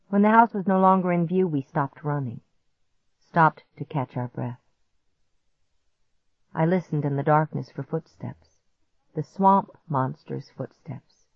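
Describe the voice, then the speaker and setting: A woman narrates a storybook at a slow, unhurried pace, her voice sitting on the lower side. The recording is dry and close, with a slightly dull, muffled tone. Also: no echo. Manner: measured, vivid first-person storytelling. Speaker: audiobook narrator.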